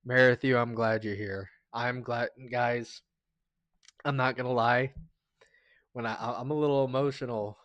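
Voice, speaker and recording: Male streamer, casual chat, rambling and jokey, mid-pitched voice, close dry sound. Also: fairly even intonation, unhurried, a bit bright, dry recording, dull audio. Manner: rambling, chatty, stumbles and restarts often; sentimental, jokey, thanks viewers often. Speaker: livestreamer.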